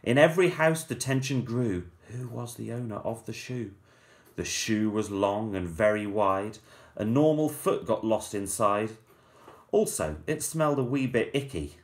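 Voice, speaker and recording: Slow, playful teacher reading rhymes. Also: male voice, on the low side. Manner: measured, playful storyteller. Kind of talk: reading a rhyming story aloud to children.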